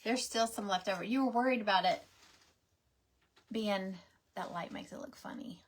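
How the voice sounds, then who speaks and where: A middle-aged woman, chatting casually and rambling through stories while she crafts on a livestream. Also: moderate pace. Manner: rambling, animated, acts out quoted voices in a high pitch.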